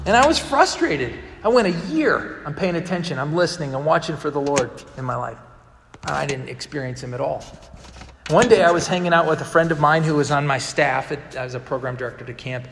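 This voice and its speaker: A man's voice: fairly high pitch, vocal fry, fairly bright tone, in a large hall, a little hiss or hum. A male pastor delivering a sermon in a conversational storytelling manner, acting out the people he quotes. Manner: conversational storytelling, vividly acts out quoted dialogue.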